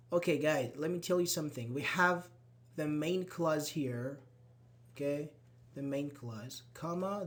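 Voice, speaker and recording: A man teaching an online English grammar class, explaining step by step and repeating his example sentences. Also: on the high side.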